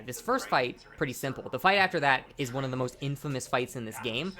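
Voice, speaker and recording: A tipsy young man with a rather high, pushed, bright voice commentates his own gameplay. He rambles, swears heavily, and keeps restarting his sentences.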